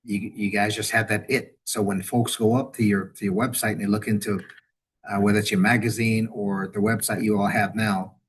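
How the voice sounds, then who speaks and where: A man's voice: fairly low pitch, a little fast, slightly rough. A middle-aged man, a university veterans director, talking as a webinar guest over a video call, rambling and restarting his sentences. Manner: rambling, restarts and repeats words, animated when quoting. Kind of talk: conversational webinar interview.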